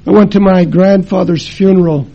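An older man preaching a sermon and telling his own story, dramatic, moving between loud emphasis and hushed tones. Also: high-pitched, fairly even intonation, moderate pace, creaky, lo-fi sound. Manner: acts out family members' voices in his story. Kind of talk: sermon with personal testimony.

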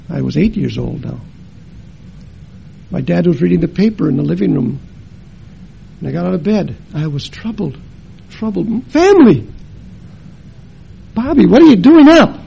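An older man preaching a sermon and telling his own story, dramatic, moving between loud emphasis and hushed tones. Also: fairly high pitch, expressive, moderate pace, gravelly, long pauses, dull audio, a little hiss or hum. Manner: acts out family members' voices in his story. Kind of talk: sermon with personal testimony.

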